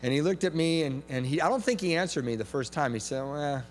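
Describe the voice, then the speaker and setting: A man's voice: on the high side, fast talker. A man speaking at a recovery meeting, telling a personal story with laughter and acted-out voices. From United States. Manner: animated, laughing, acts out quoted voices. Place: large event hall. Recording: echoey hall recording with faint hum.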